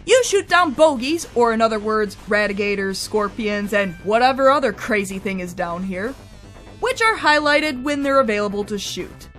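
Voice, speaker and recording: A woman's voice: on the high side, sing-song, moderate pace, fairly bright tone, faint music behind. A woman narrating a scripted game review in a wry, chatty way.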